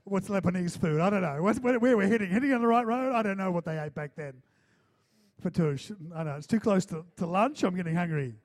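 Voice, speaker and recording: A male pastor preaching in a church, his voice sitting high for a man. He talks to the room conversationally and punches his points with rhetorical questions. It's a lively, building sermon delivery. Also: brisk. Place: church hall.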